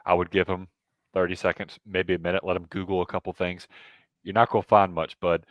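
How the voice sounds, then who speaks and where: A man co-hosting a sports podcast, talking casually and getting animated with quick asides. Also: low-pitched, no room sound. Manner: animated, excitable, jumps in with asides. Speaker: podcast co-host.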